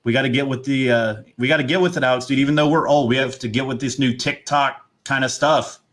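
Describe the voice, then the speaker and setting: A man's voice: medium pitch, fairly even intonation, fast talker, fairly bright tone. A man co-hosting a casual sports talk show, opinionated and rambling. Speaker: podcast co-host.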